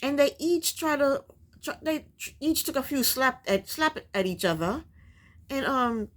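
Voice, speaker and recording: A woman's voice: high-pitched, unhurried. A woman casually recapping a reality TV episode, chatty and opinionated, talking back at the people on the show.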